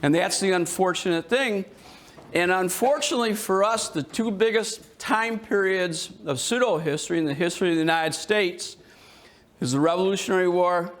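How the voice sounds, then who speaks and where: A man with a notably high voice gives a history talk to a live audience in a museum. He is jokey and animated and keeps quizzing the crowd. His delivery stays conversational and teasing throughout. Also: moderate pace. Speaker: history presenter. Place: indoor museum hall with an audience.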